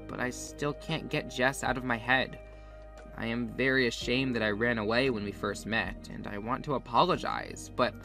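A man tells a first-person story from a script in an earnest, confessional way. His voice is medium-pitched, pushed and bright, with faint music playing behind him.

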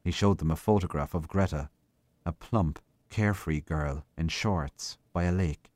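A man giving a slow, measured literary reading of a short story. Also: low voice, darkish tone, dry recording. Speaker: reader.

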